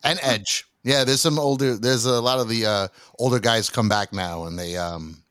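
A man's voice: mid-range voice, moderate pace, smooth, no room sound, studio quality. A man telling stories in a casual podcast chat and acting out quotes along the way. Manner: animated storyteller, acts out quotes. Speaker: podcast guest.

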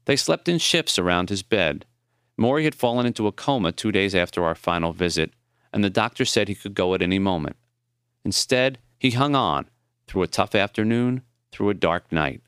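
A man narrates his own memoir for an audiobook in a low, smooth, resonant voice. His storytelling is measured and tender. The recording is close and dry, with no room sound. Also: animated, a bit bright, no room sound.

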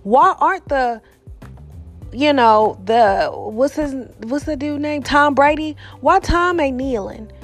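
Brief: young woman vlogger, outspoken and profane, higher voice, faint music under her. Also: takes it slowly. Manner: blunt, profane, animated. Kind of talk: casual opinion rant.

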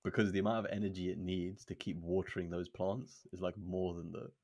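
A man's voice: low voice, steady tone, a little fast, creaky, crowd noise. A man, co-hosting a casual podcast chat and explaining at length with lots of fillers. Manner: laid-back, explains at length with many fillers. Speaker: podcast co-host.

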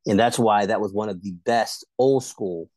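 A man co-hosting a casual sports podcast, debating rivalries and jumping high in pitch when he argues. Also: normal speed, dry recording. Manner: animated, pitch jumps high when arguing.

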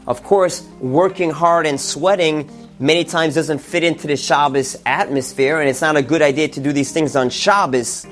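A man telling a religious story and drawing its lesson, with animated emphasis on key words. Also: on the high side, moderate pace, soft background music.

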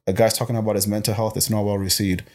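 A young man from Botswana, a personal trainer, talking as a guest in a casual interview, emphatic and animated and often repeating words as he thinks. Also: on the low side, very fast.

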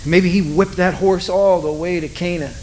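A man preaches in a relaxed, conversational way, shifting up and down as he tells the story. He keeps checking in with the audience through quick asides. A faint steady hiss runs underneath. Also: sits high, rough recording. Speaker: pastor. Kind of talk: sermon.

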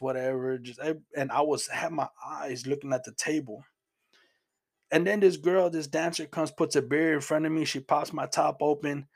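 Man, middle-aged, gravelly, slightly high-pitched, earnest testimony storytelling. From Houston, Texas. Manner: earnest, plain-spoken, repeats words as he goes. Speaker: Christian speaker sharing testimony.

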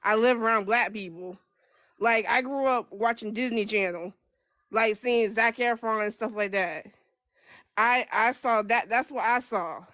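A young woman speaking as a guest in casual chat, with a stutter that breaks her speech into halting restarts. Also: a little high, fairly bright tone, dry recording.

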